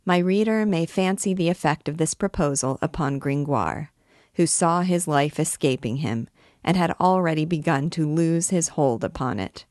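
A woman reading a classic novel aloud in a measured, expressive way as host of a reading series. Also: sits low, dry recording, clean studio sound. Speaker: reader of a book.

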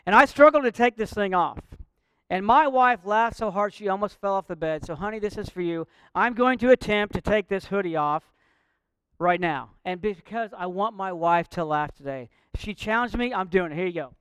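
A man's voice: high-pitched, animated, normal speed, a bit bright, clear, resonant tone, no room sound. A man preaching a sermon, earnest and direct, mixing light jokes with a call to faith. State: out of breath. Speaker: pastor.

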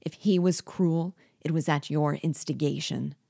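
A captive young officer hurls indignant, defiant words at his captor, as a woman voices him in a storybook reading. The voice sits low and dry, with no room around it. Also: fairly even intonation, a little slow, gravelly, warm tone, breathy edge, no room sound, heavily acted.

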